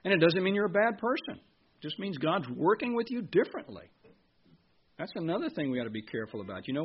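A man's voice: sits high, husky, highs cut off. A man preaching a sermon in a conversational way, asking the congregation questions.

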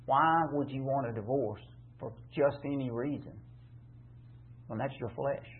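A man's voice: medium pitch, fairly even intonation, a little slow. A man teaching a Bible passage in a conversational sermon, emphatic and repetitive, asking rhetorical questions. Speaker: preacher teaching scripture. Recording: tinny phone-like line.

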